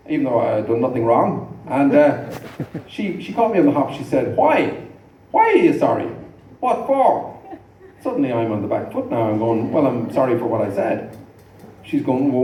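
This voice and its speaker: A man's voice: fairly high pitch, darkish tone, slight background noise. A middle-aged Irish man doing a rambling stand-up routine, stammering into repeats as the audience laughs. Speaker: stand-up comedian. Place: large comedy venue with an audience. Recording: echoey live hall recording from far off.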